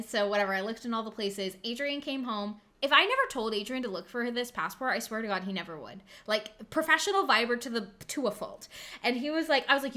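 A young woman co-hosting a casual podcast, telling a story with lively acted-out quotes and frequent laughter. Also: medium pitch. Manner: animated storyteller, acts out quotes, laughs often. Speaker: podcast co-host.

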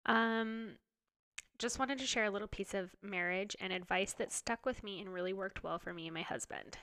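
A woman's voice: medium pitch, normal speed, bright, forceful tone. A young woman co-hosting a podcast with her husband, chatty and stuffed up, running out of breath as she talks. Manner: chatty, laughs often, runs out of breath. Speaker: podcast co-host. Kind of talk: casual chat. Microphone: close studio mic.

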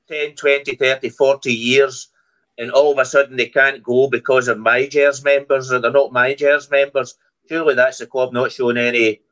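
A Scottish man, a podcast guest, talking in a halting way with many restarts. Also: mid-range voice, a bit bright, low-quality recording. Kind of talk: casual football podcast chat.

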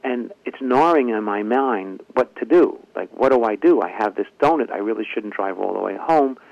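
A man's voice: lowish voice, normal speed, gravelly, dry recording, highs cut off. A man, a ventriloquist and comedian, telling a long story in an interview and acting out the lines of the people in it. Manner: lively anecdotal telling, acts out quoted dialogue.

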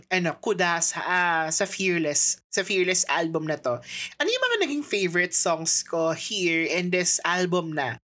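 A woman in her twenties from the Philippines with a Filipino accent, chatting casually on her own show into a close microphone, excitable and giggly, often breaking into laughs and squeals. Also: medium pitch. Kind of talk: casual solo chat mixing Tagalog and English.

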